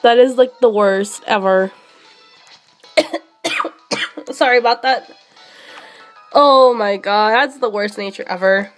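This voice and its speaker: A woman streamer chatting casually and excitably while playing a game, often pausing on drawn-out fillers. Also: mid-range voice, soft background music. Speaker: streamer hunting shiny creatures in a game. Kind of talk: casual live-stream chat.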